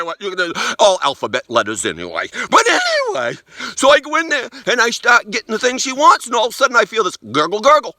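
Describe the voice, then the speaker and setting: Male comedian as an old country codger, very high and pinched, rambling and crude. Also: bright, forceful tone, no echo, full character voice. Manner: rambling, folksy, crude, stumbling restarts. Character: rambling crude old rural man, folksy storyteller. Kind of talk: comic monologue in character.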